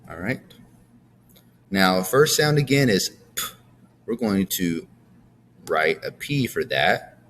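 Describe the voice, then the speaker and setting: A man's voice: sits low, big pitch swings, takes it slowly, pauses often, a bit bright, a little hiss or hum. A man teaching a phonics lesson to young students, patiently drilling words and checking in with "all right?".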